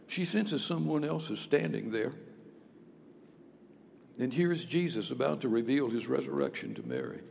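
A man preaching a sermon, with dramatic swings from hushed to loud. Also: medium pitch, sing-song, normal speed, vocal fry, a little hiss or hum. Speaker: pastor. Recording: long reverb of a large hall.

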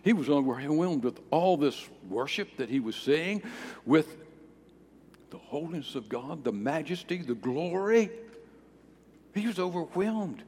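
A pastor preaching a sermon, emphatic, with swings in volume and pitch. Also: male voice, expressive, slow, creaky, pauses often, darkish tone, slightly rough. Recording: long reverb of a large hall.

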